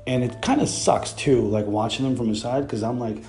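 A man's voice: mid-range voice, normal speed, few pauses, mellow, faint music behind. A man hosting a podcast, telling stories in a casual, blunt and profane monologue. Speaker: podcast host.

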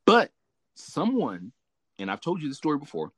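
A slightly high, husky male voice at a moderate pace comes from a Southern California podcast host, with no echo. In a casual chat he tells a story animatedly, laughing and cursing a lot.

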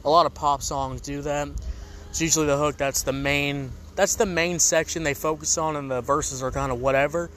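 A man's voice: on the high side, steady tone, normal speed, fairly bright tone, a little hiss or hum. A man hosting a casual comedic music review show, rambling and joking in a laid-back way.

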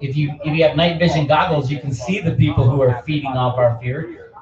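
Middle-aged man, fiery ranting channel host, fairly high voice, distant roomy lo-fi sound. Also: brisk, darkish tone. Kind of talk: impassioned speech.

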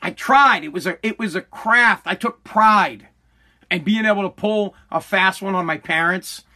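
Middle-aged man, very high bright voice, swears nonstop, animated rant about the old days. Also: moderate pace. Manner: swears constantly, animated, self-interrupting. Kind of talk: casual profane storytelling rant.

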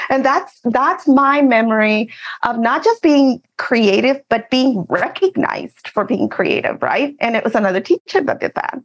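A woman from Texas, an author, telling a personal story in an animated, laughing way. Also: sits high, measured pace, highs cut off. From Eagle Pass, Texas. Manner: animated, laughs often while telling stories. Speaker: author and guest. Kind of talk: casual storytelling.

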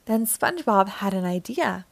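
A woman narrating a children's storybook aloud, with an expressive, clear delivery. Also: mid-range voice, normal speed, dry recording. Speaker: children's book reader.

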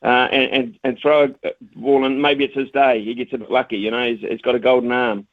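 A man's voice: mid-range voice, level tone, fairly quick, no room sound. A New man talks cricket as a radio guest, tripping over his words and restarting in a chatty way. His voice comes through a narrow, phone-like line. The sound is dry, with no room around it. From New Zealand. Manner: stammering, repeats words, chatty. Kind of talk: casual radio phone interview.

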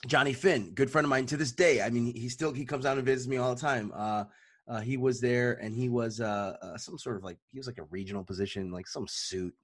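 Husky-voiced man telling a rambling story. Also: mid-range voice, a little fast, dry recording. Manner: rambling, animated, many fillers. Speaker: podcast co-host. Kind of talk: casual chat, storytelling.

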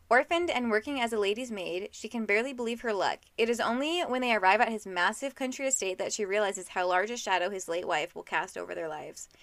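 A young woman co-hosting a casual book podcast, chatty and quick to laugh, filling her talk with "like.". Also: mid-range voice, a bit bright, no echo. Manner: chatty, laughs often, lots of "like". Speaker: podcast co-host.

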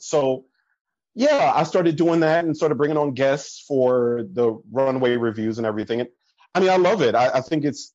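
Lo-fi man telling animated stories. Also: mid-range voice, normal speed, no room sound. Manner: animated storytelling with laughs and quoted voices. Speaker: podcast guest. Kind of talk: casual conversation.

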